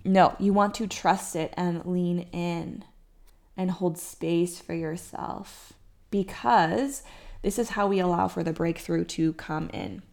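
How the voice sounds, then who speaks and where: Woman coach with a gravelly fry. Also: lowish voice, fairly even intonation, slow pace. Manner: warm, reassuring, acts out listeners' anxious inner voices. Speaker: fertility coach. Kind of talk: casual podcast monologue.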